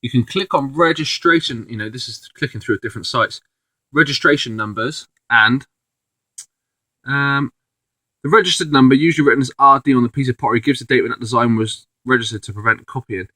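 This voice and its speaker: A man's voice: mid-range voice, fairly quick, pushed and bright, no room sound, rough recording. A man talks casually through his finds as a reseller vlogger, rambling along with lots of fillers and restarts. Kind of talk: casual video commentary.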